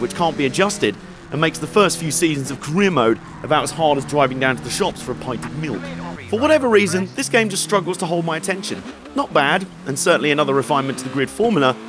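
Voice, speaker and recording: A man's voice: mid-range voice, background noise. A man narrating a scripted video game retrospective, with wry, sarcastic asides.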